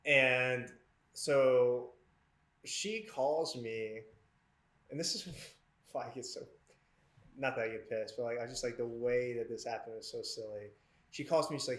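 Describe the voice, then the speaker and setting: A man co-hosting a casual chat podcast, telling a story in an animated way, laughing and mimicking the people in it. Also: medium pitch, unhurried, pauses often. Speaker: podcast co-host. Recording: echoey room.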